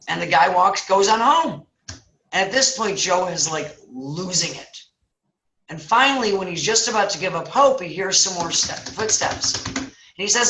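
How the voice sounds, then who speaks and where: A woman's voice: mid-range voice, normal speed. A woman, a guest speaker, telling a story in casual chat and acting out voices. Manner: animated, acts out voices. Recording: echoey room.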